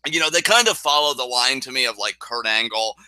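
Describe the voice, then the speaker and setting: A young man co-hosting a casual wrestling review chat, excitable and swearing freely, now and then bursting into shouts. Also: medium pitch, fairly quick, no echo, rough recording. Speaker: podcast co-host.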